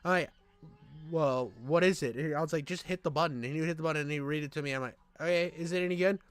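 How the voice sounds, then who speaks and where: A man ranting in casual chat, loud, profane and animated. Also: on the high side, quick pace, clean tone, no echo. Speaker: podcast co-host.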